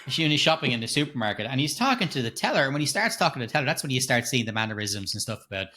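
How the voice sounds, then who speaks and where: A man co-hosting a casual film review podcast, his voice bright and sharp. He talks loosely and turns animated, leaping up in pitch when something baffles him. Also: very fast. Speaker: podcast co-host.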